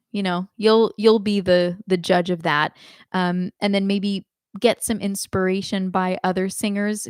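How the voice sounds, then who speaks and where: Woman voice coach on a live stream, talks slow and careful, lots of ums, dry close mic. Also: medium pitch, no echo. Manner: unhurried, thoughtful, many ums and restarts. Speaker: singing teacher. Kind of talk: live online lesson answering chat questions.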